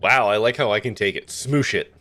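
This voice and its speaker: A man's voice: fairly low pitch, fairly quick, soft background music. A man streaming a game, ranting casually with lots of swearing and laughter. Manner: profane, laughing, animated rants. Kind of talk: casual let's-play commentary.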